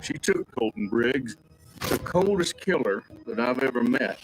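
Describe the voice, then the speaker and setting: An actor playing a grave, weathered Old West man who speaks slowly and solemnly in a film trailer. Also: mid-range voice, expressive, heavy background noise, natural voice. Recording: trailer audio with music and gunfire.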